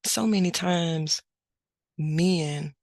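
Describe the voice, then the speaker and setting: A middle-aged woman hosting a podcast, telling a family story in an unhurried, plain-spoken way. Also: lowish voice, darkish tone, no echo. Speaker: podcast host. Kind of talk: casual spoken reflection.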